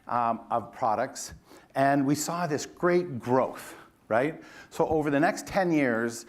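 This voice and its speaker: A middle-aged man giving a conference keynote, telling a self-deprecating story with lively energy. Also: medium pitch. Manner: animated, self-deprecating storyteller who mimics his boss. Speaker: keynote speaker. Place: conference stage before an audience.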